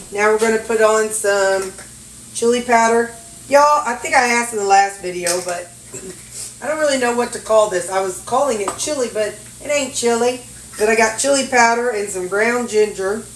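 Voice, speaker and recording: A woman's voice: fairly high pitch, a little hiss or hum. Missouri lady chatting while she cooks, kinda far from the mic, echoey kitchen, pots clinking. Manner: folksy, talks to herself while measuring and cooking. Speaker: cooking vlogger. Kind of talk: casual cooking chat. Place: home kitchen. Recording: roomy kitchen, mic at a distance. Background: clinking dishes and cutlery.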